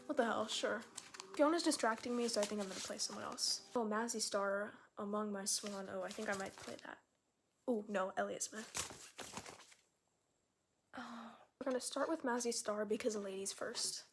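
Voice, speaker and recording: A woman's voice: medium pitch, measured pace, pauses often. A young woman vlogger reading her childhood stories aloud, chatty and self-mocking, sometimes dropping to a near whisper, at home. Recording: faint music playing in the room.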